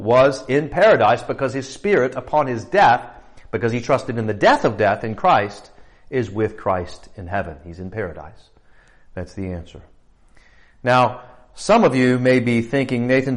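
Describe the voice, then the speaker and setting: A man preaching as pastor, explaining scripture in a conversational way, with fillers and rhetorical questions. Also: medium pitch. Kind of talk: sermon teaching.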